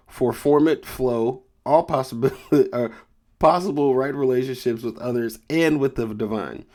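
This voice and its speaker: A man at a middle pitch, talking his way through a tarot and rune reading in a loose, joking manner. He rambles, laughs at himself and trips over the words he reads aloud. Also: dark tone. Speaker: tarot reader.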